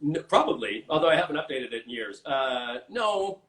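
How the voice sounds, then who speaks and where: A man, an actor and improviser, chatting as a guest over a video call, relaxed with many fillers. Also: medium pitch, moderate pace, low-quality recording. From Canada. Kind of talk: casual chat.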